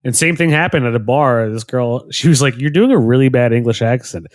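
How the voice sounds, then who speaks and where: Podcast co-host, male, lively storyteller with a dry close mic. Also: mid-range voice, fairly quick, no room sound. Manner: animated storyteller, laughs often. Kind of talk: casual chat. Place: Los Angeles.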